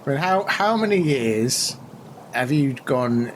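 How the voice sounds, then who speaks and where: A man co-hosting a podcast in casual chat, with a lively, swooping way of talking. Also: mid-range voice, slow, a little hiss or hum. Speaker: podcast co-host.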